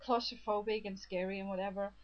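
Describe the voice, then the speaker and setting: A woman's voice: mid-range voice, fairly even intonation, fast talker. A woman chatting casually about a film she enjoyed, retelling scenes eagerly with many restarts. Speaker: film reviewer. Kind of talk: casual chat. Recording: dull lo-fi recording.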